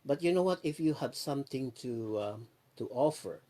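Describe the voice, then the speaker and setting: A man's voice: mid-range voice, animated, moderate pace, mellow. A man with a Filipino accent, rambling in a casual livestream chat and greeting viewers by name. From Philippines. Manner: rambling, switches between Tagalog and English, greets viewers by name. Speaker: livestream host.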